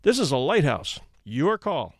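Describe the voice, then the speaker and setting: A level, unbothered lighthouse keeper , read by a man, answering with quiet, matter-of-fact firmness. Dry, close sound. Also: fairly high pitch, very animated, a little slow, no echo, exaggerated voice. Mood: calm.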